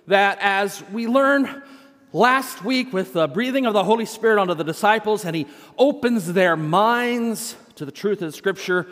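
A male senior pastor preaching a sermon. He opens with a humorous story, told in a deliberate way. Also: high voice, expressive, a bit bright. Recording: long church hall reverb.

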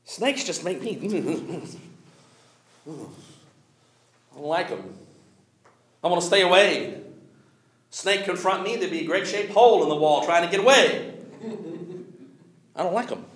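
Animated high-voiced male preacher. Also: roomy sound. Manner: animated, with chuckles and drawn-out emphatic pauses. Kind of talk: sermon.

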